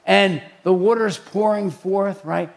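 Gravelly high-voiced preaching man. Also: slow. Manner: animated storytelling, acts out quoted voices. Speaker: pastor. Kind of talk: preaching talk.

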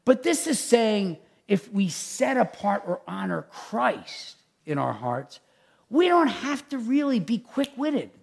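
Male pastor, high voice, gravelly edge, chatty animated sermon. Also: takes it slowly. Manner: animated, chatty, many fillers and asides. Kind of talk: conversational sermon.

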